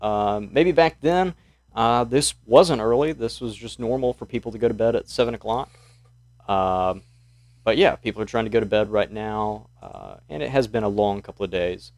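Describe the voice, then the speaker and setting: A man's voice: on the low side, normal speed, darkish tone, no room sound. Game master, male, easygoing, calling rolls; dry close mic. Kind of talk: running a tabletop game.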